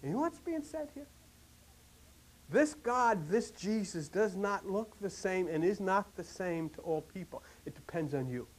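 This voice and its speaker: A man with a high voice preaching to a congregation. He talks in a loose, chatty way, circling back over his points, then climbs to an animated, emphatic pitch. His delivery is that of a sermon. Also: measured pace. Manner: conversational, repetitive, rising to animated emphasis.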